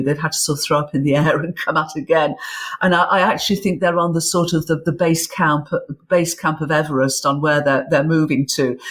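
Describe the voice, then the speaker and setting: A woman being interviewed as an author, explaining science with enthusiasm and often repeating words as she builds her thoughts. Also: low-pitched. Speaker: guest author and physicist. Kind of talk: interview conversation.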